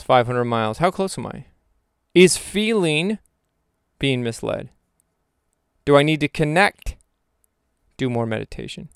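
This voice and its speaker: A man's voice: medium pitch, big pitch swings, a little slow, creaky, long pauses, clear, resonant tone, dry recording, studio quality. A young man rambling through a reflective vlog monologue, questioning himself aloud with jokey asides. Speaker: vlogger.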